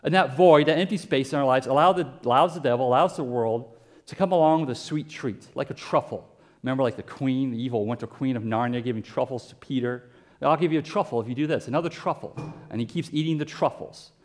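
A pastor preaching a sermon in a conversational way, with asides and everyday comparisons. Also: male voice, medium pitch, a little fast.

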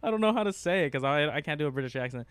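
A man's voice: a little high, lively intonation, racing, fairly bright tone, clean tone, no room sound. A young man co-hosting a podcast in casual chat, rambling and laughing often. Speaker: podcast co-host.

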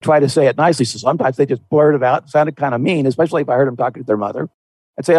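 A man's voice: medium pitch, racing, a little mellow, breathy edge, no echo, poor audio. A man speaking earnestly and conversationally on a Christian talk show, often repeating a word as he restarts.

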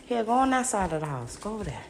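A woman podcast host ranting casually to her listeners, loud and emphatic, swearing constantly and calling them y'all, talking into a phone as she walks around her house. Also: medium pitch, very animated, quick pace, very noisy. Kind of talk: casual profane rant to listeners. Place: at home, walking around the house.

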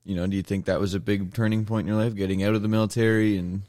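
A man's voice: on the low side, level tone, very fast, mellow, no echo, clean studio sound. A man hosting a casual interview chat, asking long hesitant questions. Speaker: podcast host.

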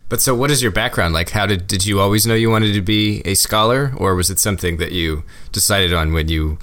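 Easygoing low-voiced podcast host. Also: male voice, a little fast, fairly bright tone, dry recording, studio quality. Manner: easygoing, self-deprecating, laughs often. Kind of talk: scripted intro and conversational interviewing.

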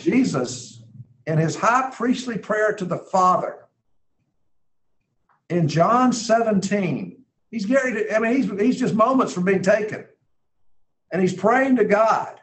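A man's voice: high-pitched, expressive, unhurried, long pauses, fairly bright tone, a little hiss or hum, poor audio. A man teaching a Bible class in a conversational way, earnest and emphatic, thinking aloud as he reads scripture.

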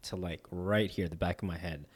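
Low-voiced man rambling with slang. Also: fairly even intonation, normal speed, slightly rough. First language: not English. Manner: loose, rambling, laughs often, heavy filler and slang. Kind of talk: casual chat while eating.

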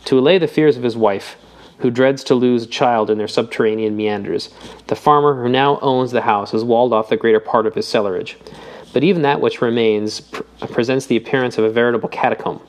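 A man's voice: mid-range voice, a little fast, close to an everyday voice. A man voicing an eager young man reading old papers aloud, his voice rising on questions.

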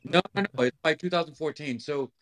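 A man on a group call giving quick, slightly defensive answers. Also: on the high side, fairly bright tone. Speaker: panel guest. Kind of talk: casual group chat.

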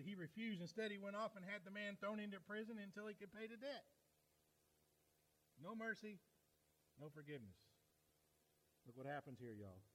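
A man's voice: sits high, bright, forceful tone, low-quality recording. A man preaching a sermon as pastor, retelling a parable in a conversational, folksy way with asides to the congregation.

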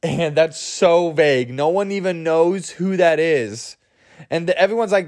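A man's voice: on the high side, a little slow, darkish tone. Rambling overtired young man. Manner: rambling, lots of fillers, giggly asides. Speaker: podcast host. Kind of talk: rambling comedy monologue.

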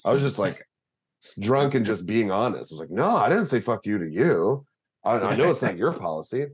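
A man in his thirties, a podcast co-host, telling a story in a casual, animated way and laughing as he goes. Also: lowish voice, moderate pace, husky.

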